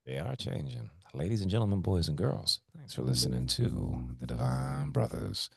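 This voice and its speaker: A man on a casual comedy podcast who tells stories with big, animated swings in pitch. His voice sits a little low and turns gravelly at the ends of phrases. It is recorded dry and close, with no room sound. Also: normal speed, no room sound. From Hawaii. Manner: animated storytelling, jumps up in pitch for emphasis. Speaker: podcast co-host.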